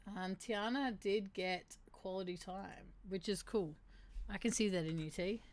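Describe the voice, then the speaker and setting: A young woman hosting a casual livestream, reading aloud and chatting, animated, laughing and swearing now and then. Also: medium pitch, unhurried. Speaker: streamer hosting a mental health segment.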